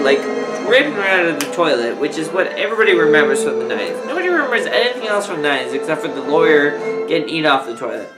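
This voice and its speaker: Drunk man rambling a movie recap. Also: poor audio. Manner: slurring, rambling, bursts into shrill squeaky impressions. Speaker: host.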